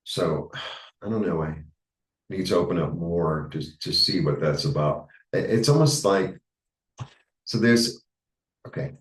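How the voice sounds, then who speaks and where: A man with a New York accent giving a rambling, halting tarot reading, full of fillers. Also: deep voice, reverberant, recorded from a distance, rough recording. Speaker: tarot reader. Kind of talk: casual spiritual monologue.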